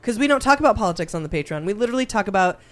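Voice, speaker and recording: A woman's voice: medium pitch, expressive, very fast. A woman co-hosting a podcast in casual chat, playful and chatty, laughing often. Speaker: podcast co-host.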